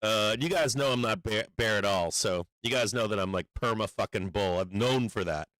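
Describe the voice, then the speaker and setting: A man's voice: fairly low pitch, normal speed, a bit bright, no echo, low-quality recording. A man giving casual livestream market commentary, blunt and profane, rambling with many fillers and urgent warnings. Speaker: stock market streamer.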